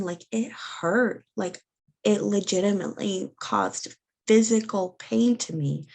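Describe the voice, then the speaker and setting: Young woman, interview guest, gravelly edge, halting personal storytelling with lots of ums. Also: lowish voice. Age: young adult. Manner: halting, many fillers and restarts. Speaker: interview guest sharing her birth story.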